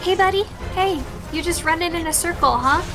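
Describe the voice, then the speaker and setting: A woman's voice: very high-pitched, a little fast. A woman playing an online game with friends, playful and self-mocking, with sarcastic asides. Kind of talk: casual gaming chat. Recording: game music behind the voice.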